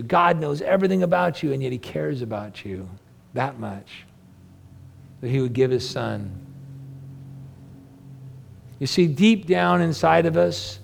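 A man's voice: on the high side, gravelly. A man preaching a sermon, reading scripture and asking his listeners earnest rhetorical questions. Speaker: pastor.

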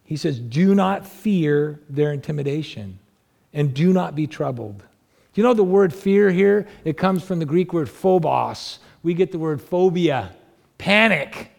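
Unhurried and creaky-voiced, with lively intonation, this pastor keeps his sermon conversational, posing rhetorical questions to the congregation and lifting his voice whenever he stresses a point.

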